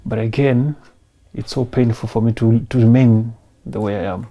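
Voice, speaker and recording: Soft-spoken Kenyan man, gravelly voice. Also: mid-range voice, fairly even intonation, moderate pace. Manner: emotional, soft-spoken, mixing in Swahili phrases. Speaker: interview guest. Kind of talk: personal story interview.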